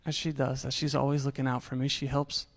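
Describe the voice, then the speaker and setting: A man's voice: mid-range voice, little pitch movement, fairly quick, poor audio. A man in his late twenties or thirties telling his own survival story on stage, candid and self-deprecating, acting out the dialogue. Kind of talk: personal storytelling talk on stage.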